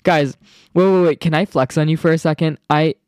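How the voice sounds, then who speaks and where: A young man rambles excitably through a solo podcast, jumping from one aside to the next. His voice sits a little high for a man. The sound is close and dry, with no room around it. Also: a little fast, clean tone, no echo. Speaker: podcast host. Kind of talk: casual solo podcast chat.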